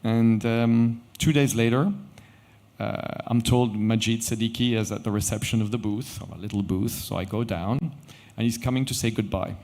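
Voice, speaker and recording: Lively middle-aged man telling a story. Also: lowish voice, moderate pace. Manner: animated anecdotal storytelling with quoted dialogue. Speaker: watch company founder telling a story. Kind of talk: conference storytelling talk. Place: event stage.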